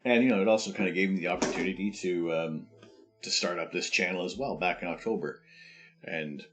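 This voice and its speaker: A man's voice: low-pitched, brisk, faint music behind. A Canadian man streaming live, chatting casually and answering viewer questions as they come in. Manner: relaxed, reads viewer questions aloud and answers them.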